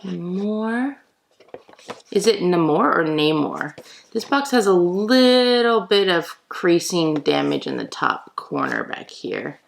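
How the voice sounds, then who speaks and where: A woman vlogger chatting excitedly to her viewers while opening mystery boxes for an unboxing video. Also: fairly low pitch, vocal fry, low-quality recording. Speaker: toy collector vlogger. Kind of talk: casual unboxing vlog.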